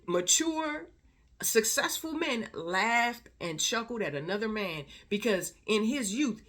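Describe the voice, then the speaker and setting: A woman's voice: fairly high pitch, a bit bright. A woman vlogger in casual commentary, talking emphatically and repeating words for stress.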